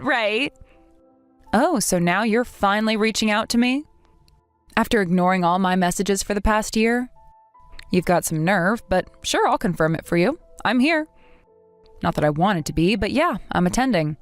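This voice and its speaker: A woman's voice: on the high side, dry recording. A synthetic woman voicing bickering young female rivals. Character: two bickering young women, rivals from school. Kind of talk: text-message story read by synthetic voice.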